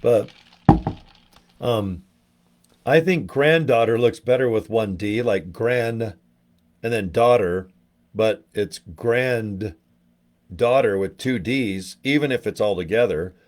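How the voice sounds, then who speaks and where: A man's voice: lowish voice, slow pace, pauses often, a little mellow. A middle-aged man hosting a casual home livestream, rambling chattily and greeting viewers by name, his voice a bit worn. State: losing his voice. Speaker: livestream host.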